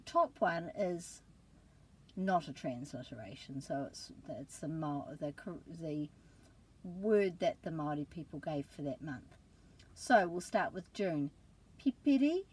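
A woman's voice: low-pitched, takes it slowly, slightly rough. A woman teaching pronunciation, carefully sounding out words syllable by syllable in a patient lesson. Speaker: language teacher.

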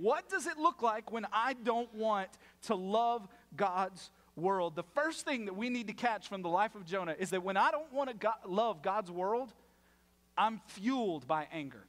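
Male pastor, sermon; lively, high-pitched delivery with big swings, reverberant sanctuary. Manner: animated and playful, drops to a hush for emphasis. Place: church sanctuary.

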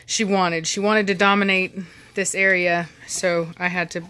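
Bright-voiced woman cooing at her dogs. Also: on the low side, flat delivery, a little slow, smooth. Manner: coos and commands dogs, baby talk, laughs. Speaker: dog breeder filming her dogs. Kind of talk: casual talk to dogs and camera. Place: home, indoors.

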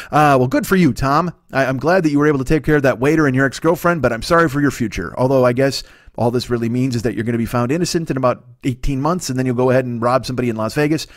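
A fast-talking man in his fifties rambles through a profane comedy rant, tripping over his own restarts. His voice sits mid-range and close to the mic, with a dry, dead-sounding room. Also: mid-range voice, no echo. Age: 50s. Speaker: podcast host. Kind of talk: solo comedy podcast rant.

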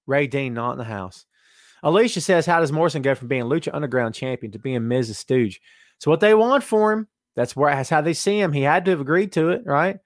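A man's voice: fairly high pitch, normal speed, no room sound, clean studio sound. A man hosting a podcast in a casual live-stream chat, reading viewer comments aloud and joking straight to the chat. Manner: excitable, jokey, talks straight to the chat. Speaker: podcast host.

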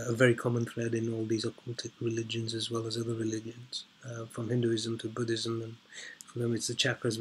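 A man giving unscripted commentary as he reads an article aloud, hesitant and filling pauses with ums and uhs, repeating points for emphasis. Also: mid-range voice, slight background noise. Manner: emphatic repetition for stress. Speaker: video blogger.

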